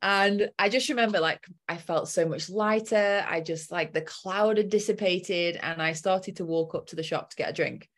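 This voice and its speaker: A woman's voice: fairly low pitch, normal speed, few pauses. A young adult woman coach telling a personal story in a casual chat and acting out her own inner voice.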